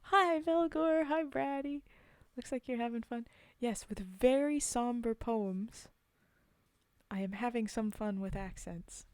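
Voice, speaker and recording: This woman streamer chats casually between poem readings, giggling and filling the gaps with ums. Her voice is a little high and clean-toned, her pace measured, and there's no echo.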